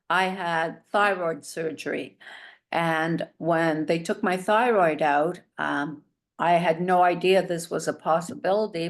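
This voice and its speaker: A middle-aged woman, a guest telling her story in a chatty, animated way. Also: fairly low pitch. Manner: chatty and animated, a self-described talker. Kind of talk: casual storytelling in an interview.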